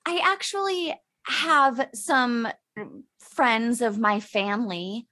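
Bright-voiced woman podcast host. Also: fairly high pitch. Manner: chatty, quick to agree, shares her own stories. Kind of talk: casual conversation.

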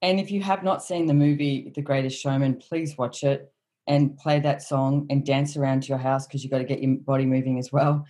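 Woman, encouraging co-host, very low pitch, mellow tone. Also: steady tone, moderate pace. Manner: enthusiastic, encouraging, talks to the audience. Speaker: co-host and facilitator. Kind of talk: casual chat.

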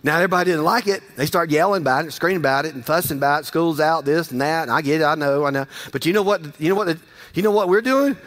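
A man's voice: fairly high pitch, very fast, a bit bright. A man preaching a sermon in a folksy, conversational way, repeating phrases for emphasis. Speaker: pastor.

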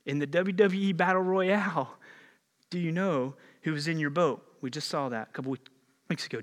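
A male pastor preaches in a lively, conversational way, slipping easily into casual slang as he tells a story. His voice sits a little high for a man. Long reverb from a large church room trails after his words. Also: normal speed. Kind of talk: sermon. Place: church auditorium.

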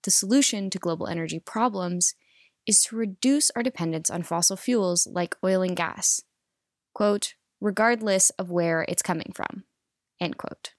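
A woman presenting a scripted news commentary in a measured, explanatory way. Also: mid-range voice, no echo, clean studio sound.

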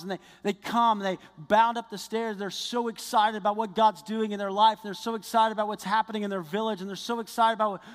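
A male pastor preaching a sermon, telling stories with excited earnestness that builds into fervent prayer. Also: sits high, big-room sound.

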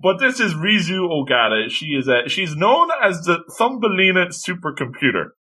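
Man, podcast co-host, casual chat, lively ups and downs, bright, slightly high voice. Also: moderate pace, husky. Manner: lively, chimes in often.

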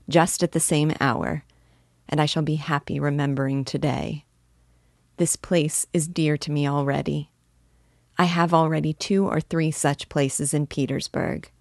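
A woman narrating a literary audiobook in a soft, reflective, unhurried manner. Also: low voice, fairly even intonation, gravelly, dry recording, studio quality.

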